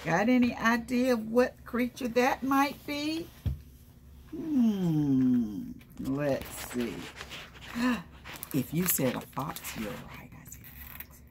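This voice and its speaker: A woman's voice: fairly high pitch, expressive, drawn-out words, slight background noise. A woman reading a picture book aloud to young children, stopping often to ask them questions and call on them by name. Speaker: children's storytime presenter.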